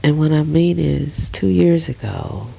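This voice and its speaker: A middle-aged woman lying in bed in a dark bedroom, talking slowly and emotionally in a soft, often half-whispered voice. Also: sits low, lively intonation, gravelly, breathy edge. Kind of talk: casual personal vlog.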